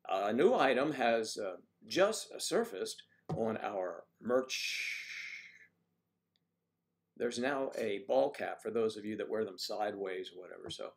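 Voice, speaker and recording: A man's voice: on the low side, lively intonation, slow pace. A man hosting a casual morning livestream, chatting playfully and reading out viewer comments. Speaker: livestream host.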